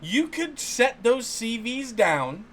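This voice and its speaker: A man's voice: very high-pitched, big pitch swings, takes it slowly, slight background noise. A man co-hosting a gaming podcast, chatting casually and profanely, building up schemes step by step with hype. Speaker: podcast co-host.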